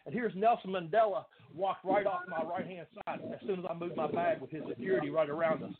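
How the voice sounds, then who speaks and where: A man telling animated wrestling stories in casual chat, laughing often. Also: high voice, quick pace, a loud crowd. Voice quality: country accent. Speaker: guest, former pro wrestler. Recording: phone-like line with faint noise.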